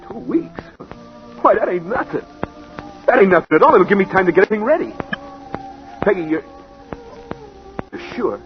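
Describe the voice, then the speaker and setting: An actor playing a gentle, lovesick young male boxer who speaks softly and haltingly, in 1940s radio acting. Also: high-pitched, sing-song. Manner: soft, halting, plain slangy speech. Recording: dull 1940s radio recording with music.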